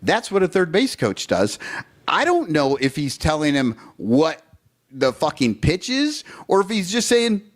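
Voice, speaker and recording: A man's voice: on the high side, huge pitch swings, unhurried. A man co-hosting a casual baseball podcast, ranting heatedly and swearing often. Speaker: podcast co-host. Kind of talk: casual sports chat.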